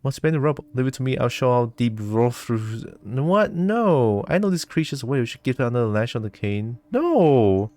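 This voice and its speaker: A man chatting aloud while he plays a video game, laughing often and reacting to what happens. His pitch swings up and down a lot. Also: expressive, a little fast, few pauses, darkish tone. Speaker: gaming streamer. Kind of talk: casual game commentary.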